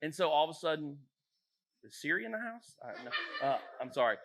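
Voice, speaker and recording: A man, a youth pastor, giving a joking, animated talk to teenage girls in a church youth room. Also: a little high, a little fast, vocal fry, background noise. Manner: jokey, animated, acts out voices. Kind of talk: casual talk to teens.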